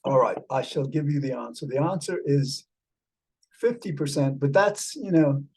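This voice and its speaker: A man's voice: on the high side, lively intonation, normal speed, darkish tone, breathy edge, rough recording. A man speaking in a put-on British accent, chatting casually and rambling with many fillers while calling his listener mate, over a video call. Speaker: show host talking with an AI companion. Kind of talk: casual chat.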